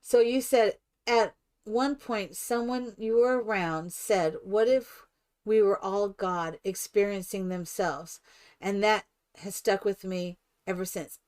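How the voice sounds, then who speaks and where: An older woman streaming herself playing a game, chatting in a rambling, animated storytelling way. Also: medium pitch. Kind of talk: casual chat while playing a life-simulation game.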